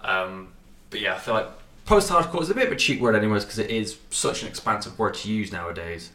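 A man's voice: lowish voice, expressive, quick pace, sharp tone, echoey room, distant mic. A man casually reviewing albums, rambling and swearing with lots of fillers, a bit stuffy from a runny nose. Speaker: music reviewer. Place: cold apartment.

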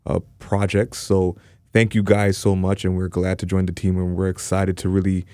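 Low-voiced joking Canadian podcast host. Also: male voice, completely flat delivery, darkish tone, no echo, studio quality. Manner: joking, talks fast with restarts and fillers. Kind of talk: casual chat.

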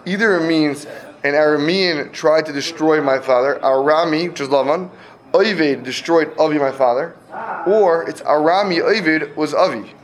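Man teaching a lively class. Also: a little high, moderate pace. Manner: explains step by step, checks in with the class often. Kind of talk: classroom Talmud lesson.

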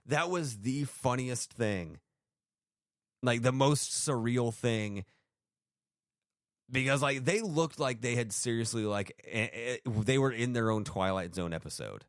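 A man of middle pitch co-hosts a casual podcast, spinning a story with constant fillers and restarts. He slips into little voices to quote people. The sound is dry and close, with no room around it. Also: a bit bright, no room sound. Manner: rambling storyteller, acts out quotes, many fillers. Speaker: podcast co-host. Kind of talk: casual chat.

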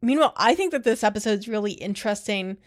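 Woman, podcast co-host, casual chat, fast analytical talk, mid pitch. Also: animated.

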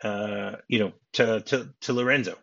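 Male podcast guest, husky, dull lo-fi sound, chatty recap style. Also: on the low side, normal speed, fairly bright tone. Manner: recaps scenes in detail, many fillers. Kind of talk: casual film discussion.

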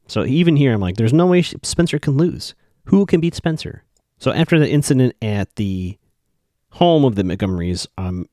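A man's voice: medium pitch, a little mellow, no echo, clean studio sound. A man casually recapping a TV episode, rambling and often asking whether characters can be trusted. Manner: chatty, rambling, questioning. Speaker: show recap host.

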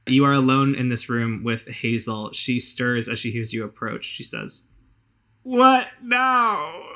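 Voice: medium pitch, fairly even intonation, normal speed, a bit bright. A game master narrating a tabletop game in a loose, casual way, with lots of fillers.

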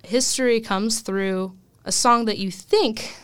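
A woman's voice: fairly high pitch, takes it slowly, fairly bright tone, clean tone, no room sound. A young woman, a first-year college student, talking casually in an interview, chatty with many fillers and laughs. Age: young adult. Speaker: student guest.

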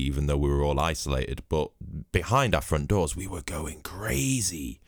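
Deep-voiced, swearing podcast host. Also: male voice, no echo, studio quality. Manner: profane, rambling, cheeky storytelling; drinks while recording. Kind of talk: comedic podcast monologue. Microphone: podcast microphone at home.

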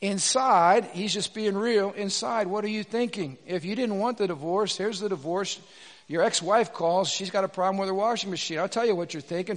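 A pastor with a high voice preaches with emphasis, acting out the people he quotes and rising at times to a shout. His voice rings with the long reverb of a large hall. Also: a little fast. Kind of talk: sermon.

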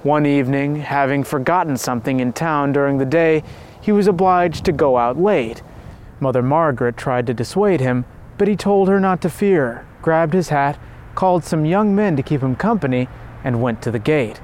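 Reverent male narrator, slightly high voice. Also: moderate pace, a little mellow, slight background noise. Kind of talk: scripted narration of a devotional story.

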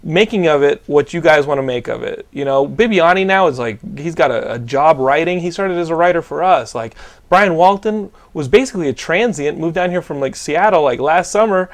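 A young man hosting a podcast, telling animated stories in casual chat, swearing freely and restarting his sentences. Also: a little high, fairly quick. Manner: animated storytelling, heavy swearing, lots of likes and restarts. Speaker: podcast host.

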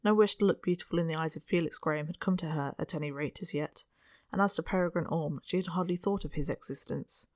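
An audiobook narrator giving an even, measured reading of a period novel. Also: medium pitch, no echo, clean studio sound. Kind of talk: scripted narration of a Victorian novel.

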